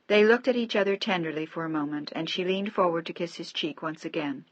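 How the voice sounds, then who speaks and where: A woman narrating a romance novel in a measured, steady audiobook reading. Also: fairly low pitch, no echo. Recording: dry, slightly dull audio.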